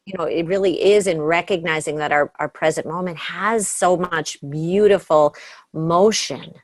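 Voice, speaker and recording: A woman co-teaching a class, speaking in a gentle, joyful and reflective way. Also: on the low side, moderate pace, no echo, studio quality.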